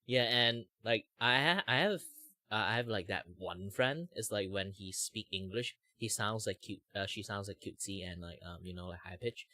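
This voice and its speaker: Malaysian-accented male streamer, lowish voice, dry close sound, rambling chatty delivery. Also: normal speed, pushed and bright, no room sound. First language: Chinese. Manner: chatty, many "like" fillers, laughs often. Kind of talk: casual chat.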